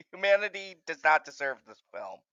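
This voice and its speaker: Man, watch-along host, bright forceful voice, a bit high, excitable, lots of swearing, dry lo-fi sound. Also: smooth, no echo. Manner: excitable, gushing and heavily profane. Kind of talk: casual chat.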